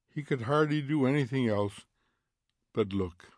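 A man narrating a story aloud in a steady, measured reading. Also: mid-range voice, no echo, studio quality. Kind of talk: audiobook reading.

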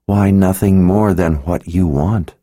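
A man voicing a sly, seductive woman in disguise who teases slowly and knowingly, in an audiobook. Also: deep voice, dark tone, no room sound, clean studio sound. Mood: sly teasing. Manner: teasing, knowing, unhurried.

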